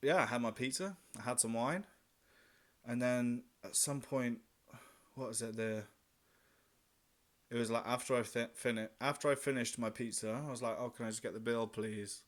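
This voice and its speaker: A man's voice: medium pitch, moderate pace, pauses often. A young man vlogging about solo travel, telling a story in a casual, chatty way, swearing freely and acting out his own remarks.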